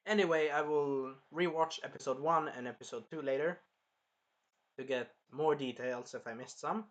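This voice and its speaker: A man's voice: a little high, moderate pace, dull audio. A man giving a casual, rambling episode review of an anime, loose and a bit profane.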